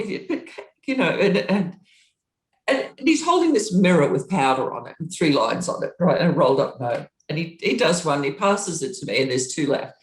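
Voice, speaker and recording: Her pace is normal and the room echoey as this middle-aged former touring roadie tells an interview story. She laughs along and acts out quoted dialogue in a lively way, with big leaps in pitch.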